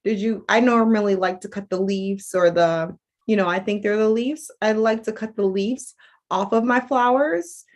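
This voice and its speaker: A woman's voice: medium pitch, normal speed. A woman coach talking casually to viewers in a rambling, chatty way, full of fillers and restarts. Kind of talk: casual livestream talk.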